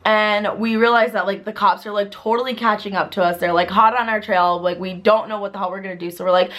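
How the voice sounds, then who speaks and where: A woman in her twenties telling a story to camera in a chatty, filler-heavy way, bursting into excited quoted voices. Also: medium pitch, fast, hardly any pauses. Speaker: vlogger. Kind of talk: casual storytime vlog.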